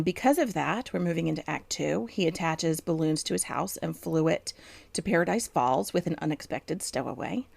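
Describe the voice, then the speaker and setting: A woman's voice: deep voice, creaky, no room sound. A woman co-hosting a chat show, explaining writing craft in a thoughtful way with frequent ums. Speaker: podcast co-host, book editor.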